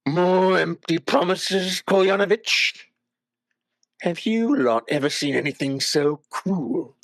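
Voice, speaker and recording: A bitter tavern cynic drawls out his scorn, slow and mocking, in a raised, strained voice, as a man puts him on. It sounds like a tabletop game recorded close in a dry room. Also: sits high, gravelly, fairly bright tone, no echo, pitched above the performer's own voice, heavily acted. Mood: sneering.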